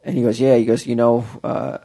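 A man's voice: medium pitch, little pitch movement, brisk, vocal fry, mellow. A man telling a long story in casual chat, with many fillers and restarts. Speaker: podcast co-host telling a story.

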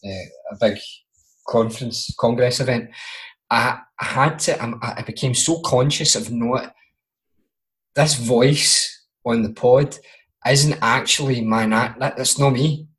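A man in his forties with a Glaswegian accent, co-hosting a podcast chat and telling lively stories about his family. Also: medium pitch. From Scotland. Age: 40s. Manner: animated storyteller who acts out quoted relatives, laughing often. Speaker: podcast co-host, mental health nurse. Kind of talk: casual chat.

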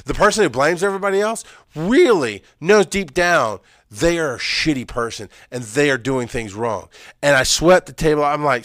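A man telling an emotional personal story, swinging from loud, urgent emphasis to hushed, halting recall. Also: on the high side, no echo, studio quality. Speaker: speaker sharing personal story.

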